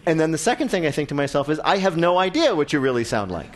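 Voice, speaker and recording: A man's voice: a little high, very animated, fast talker. A man hosting a chat show who interviews his guest in a playful, teasing way. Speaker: radio show host.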